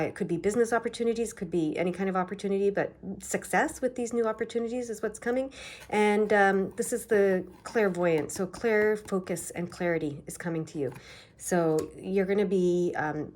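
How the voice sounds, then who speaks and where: A woman from Canada's East Coast giving a tarot reading, talking quickly and excitedly with many fillers. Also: on the low side. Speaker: tarot reader. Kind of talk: tarot card reading to camera.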